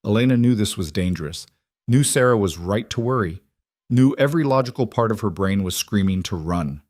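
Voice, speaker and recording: A man narrating a scripted romance story in an even, measured way. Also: lowish voice, no echo, clean studio sound.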